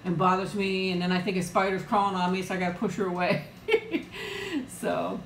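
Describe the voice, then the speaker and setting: A woman's voice: on the low side, brisk, roomy sound, a little hiss or hum, low-quality recording. A woman hosting a casual live-chat eating stream from home, talking in a rambling way and laughing often. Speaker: livestream host.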